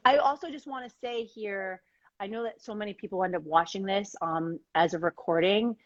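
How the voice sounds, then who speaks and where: A woman's voice: medium pitch, moderate pace, no echo, highs cut off. A woman hosting a live-streamed interview in a casual chat, full of "like" and "um" fillers. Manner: bubbly, frequent "like" and "um" fillers. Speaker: host.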